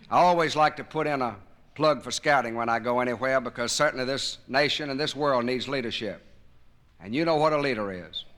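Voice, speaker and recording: A man's voice: mid-range voice, fairly bright tone. A man giving a patriotic speech to a live audience, telling folksy stories and jokes with emphasis. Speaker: public speaker. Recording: 1970s vinyl record of a live speech.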